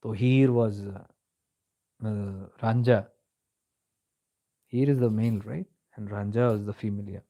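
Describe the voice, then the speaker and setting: Guy giving a calm spiritual talk, warm mellow voice, chatty storytelling style. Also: fairly low pitch, unhurried, long pauses. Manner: reflective, conversational storytelling, mixes in Hindi phrases. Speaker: spiritual teacher. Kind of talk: spiritual discourse.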